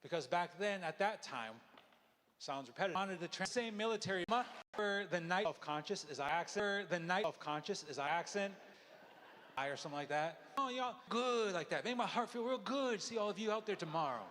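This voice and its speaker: A man's voice: high voice, lively intonation, fairly quick, long pauses, a bit bright, slight background noise. A man from Oklahoma emceeing a live show on a theatre stage, loose and joking. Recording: theatre with crowd.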